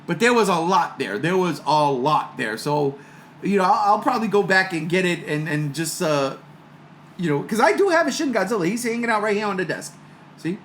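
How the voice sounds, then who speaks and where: Excitable man, high lively voice, casual fan chat, faint background hiss. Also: brisk. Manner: excitable, laughing, animated. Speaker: podcast host.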